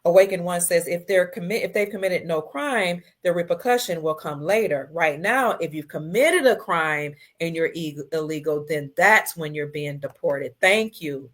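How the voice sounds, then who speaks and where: A woman hosting a casual livestream, reading viewer comments, emotional and tearful, her voice swinging between soft and loud. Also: on the low side, normal speed, few pauses. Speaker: livestream host.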